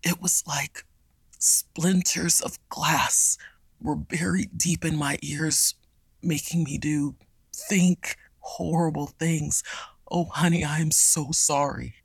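A woman voicing a deranged middle-aged father, low, breathy and hoarse, dropping into a slow growl. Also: steady tone, dry recording, full character voice. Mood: remorseful.

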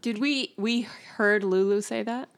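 A woman's voice: mid-range voice, a little slow, clear, resonant tone. Casual woman player at a game table. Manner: casual, swearing, laughing.

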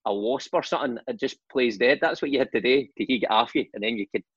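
A husky-voiced Scottish man in his forties spins lively, laughing football stories. His voice sounds dry and close, with a slightly dull, lo-fi tone. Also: medium pitch, fast, no room sound. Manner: animated anecdotes, laughing and swearing. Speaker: guest, former footballer and manager. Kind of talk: casual storytelling chat.

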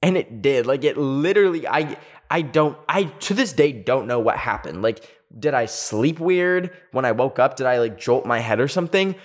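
Young male storyteller, casual and rambly, mid pitch, lots of fillers. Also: expressive, normal speed. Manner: rambling, heavy use of filler "like". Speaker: storytelling video host.

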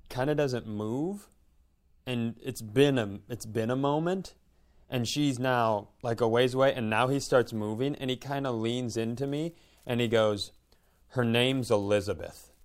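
Male comedian co-host, smooth resonant voice, rambling storyteller. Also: mid-range voice. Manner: rambling anecdotes with quoted voices. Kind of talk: casual storytelling chat.

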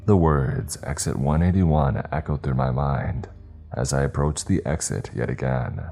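A man narrating a scripted horror story in a measured, tense way. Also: very deep voice, creaky, darkish tone. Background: faint music.

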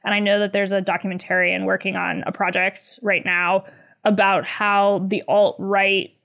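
A woman in her thirties answering interview questions as a journalist. She talks in a lively, chatty way, leaning on "like" and "you know", with dry, sarcastic laughs now and then. Her pitch sits in the middle for a woman. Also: normal speed, vocal fry. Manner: animated, many "like" fillers, sarcastic laughs. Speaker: journalist guest. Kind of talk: conversational interview.

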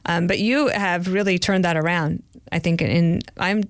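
A woman's voice: on the low side, steady tone, moderate pace, no echo. A middle-aged woman hosting a podcast, chatting casually and teasing her husband as she asks him questions. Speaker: podcast host. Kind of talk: casual chat.

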